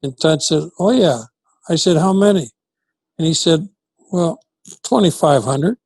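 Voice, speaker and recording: A man's voice: fairly high pitch, a little slow, breathy edge, no echo. An older man, a former football coach, reminiscing as an interview guest and acting out the dialogue in his stories. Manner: animated storyteller who acts out quoted dialogue.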